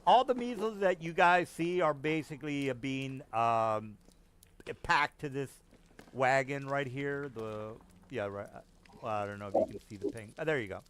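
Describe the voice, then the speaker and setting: A man's voice: medium pitch, moderate pace, a bit bright, clean tone. A man narrating as game master, casual and profane with lots of fillers.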